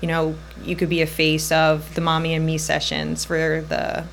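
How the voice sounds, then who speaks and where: Podcast guest, woman, thirties, low-ish voice, rambling personal storytelling, faint noise floor. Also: monotone, creaky. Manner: tells her story in quick, looping bursts, voicing others in her quotes.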